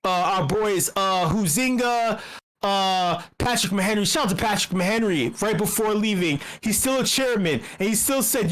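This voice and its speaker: A woman talking in a casual livestream, telling a story in a profane, excitable way, her pitch jumping when she gets worked up. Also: moderate pace.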